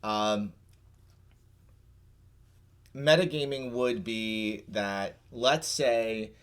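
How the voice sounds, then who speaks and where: A man's voice: on the low side, very slow, a bit bright, clear, resonant tone. A middle-aged man hosting a casual talk show, rambling and restarting as he chats and patiently explains things. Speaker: podcast host. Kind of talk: casual chat.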